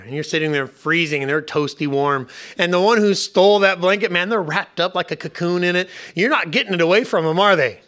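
Man, pastor, casual humorous sermon, slightly high, bright voice. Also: a little fast, few pauses. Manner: conversational, humorous, drops to soft tones when serious. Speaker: pastor and hospice chaplain.

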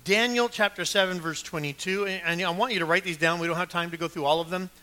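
A man's voice: sits high, fast, pushed and bright. A man preaching a sermon as pastor of a church, building emphasis through repeated phrases and asking listeners to take notes.

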